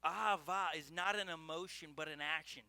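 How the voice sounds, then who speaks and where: Male pastor, earnest sermon, high pitch, dry close sound. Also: moderate pace, pushed and bright, no room sound. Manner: earnest, personal storytelling with restarts.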